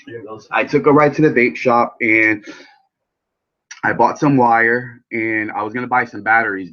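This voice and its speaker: A man's voice: fairly low pitch, highs cut off. A man hosting a vaping channel, chatting casually and rambling to viewers by name, often swearing. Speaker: vape channel host. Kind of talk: casual live chat while building coils.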